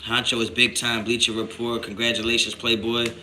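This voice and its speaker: Jersey guy doing a live sports stream, real bright sharp voice, cussing, gets worked up. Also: mid-range voice, fairly quick, a little hiss or hum. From New Jersey. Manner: animated, swears a lot, rises to shouting when annoyed; slangy and repetitive, restarts often. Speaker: sports channel host reading live chat. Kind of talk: casual livestream chat.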